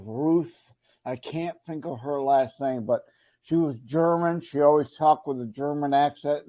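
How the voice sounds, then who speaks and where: A man co-hosting a podcast in casual chat, laid-back and quick to laugh. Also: on the high side, warm tone, highs cut off. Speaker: podcast co-host.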